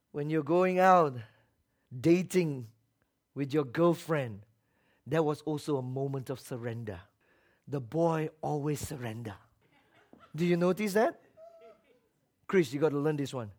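A middle-aged male pastor preaching a sermon, repeating key phrases and swinging from soft asides to shouted exhortation. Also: fairly high pitch, moderate pace.

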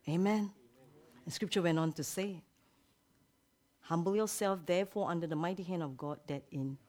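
A woman pastor preaching a sermon. She drops to hushed whispers, then rises to loud exclamations. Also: fairly low pitch, moderate pace.

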